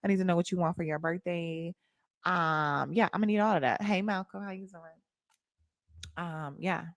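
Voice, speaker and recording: A woman's voice: lowish voice, normal speed, dry recording, studio quality. A young woman with an African American Vernacular English accent, hosting a casual livestream and talking back to her chat in a sassy way. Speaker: livestream host.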